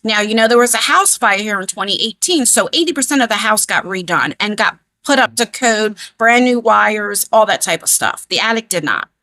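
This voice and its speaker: Bright-voiced New woman vlogging. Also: mid-range voice, normal speed, few pauses, dry recording. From New Jersey. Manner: animated, rambling, emphatic. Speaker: beauty vlogger. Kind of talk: casual chatty storytelling. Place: converted attic room at home.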